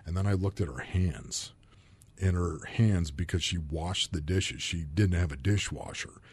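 As a podcast guest, a man from Buffalo, New York who once played football tells candid personal stories, earnest and emotionally open. He speaks in an unhurried, low-pitched voice that is husky with a darkish tone.

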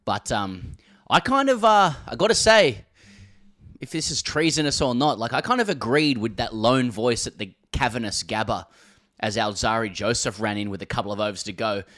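A man's voice: medium pitch, animated, normal speed, fairly bright tone. An Australian man co-hosting a casual cricket podcast, rambling with frequent laughs, restarts and swearing. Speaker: podcast co-host.

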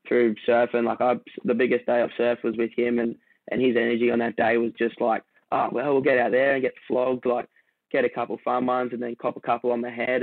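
A man's voice: mid-range voice, gravelly, no echo. An Australian man telling a surfing story as a podcast guest, laid-back and rambling, with many restarts. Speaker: guest surfer. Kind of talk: casual storytelling conversation. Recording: dry, tinny phone-like line.

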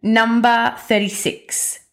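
A woman in her twenties with an Australian accent, hosting a casual solo podcast in a chatty, emphatic way, full of fillers and quick self-corrections. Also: a little high, flat delivery, creaky. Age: 20s. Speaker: podcast host.

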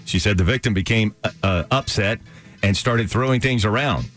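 A man's voice: lowish voice, moderate pace, a bit bright, soft background music. A man hosting a morning radio show, reading out odd news stories and chatting with co-hosts, with small stumbles as he reads.

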